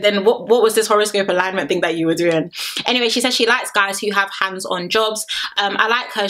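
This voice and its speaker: A woman vlogger reviews a reality show in a casual, chatty voice. She is animated and playful and stretches words out for effect. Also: mid-range voice.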